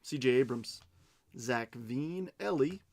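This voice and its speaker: A man hosting a live card-opening stream in a relaxed, unhurried way. He chats casually, reads out names one after another, and drops playful, self-mocking jokes between cards. His voice sits in an ordinary middle pitch for a man. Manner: chatty and unhurried, reading out names as he goes. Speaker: card break host.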